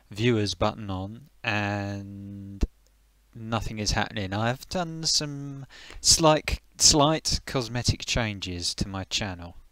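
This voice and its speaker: A man's voice: on the low side, slow, pushed and bright, dry recording. Chatty man hosting a live stream. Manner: chatty, greets viewers, thinks aloud while fiddling with settings. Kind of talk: casual live-stream chat.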